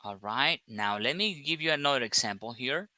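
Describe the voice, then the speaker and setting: A man's voice: mid-range voice, animated, moderate pace, sharp tone, no echo. A man teaching an English grammar lesson, explaining step by step, stressing words one at a time and checking in with short questions.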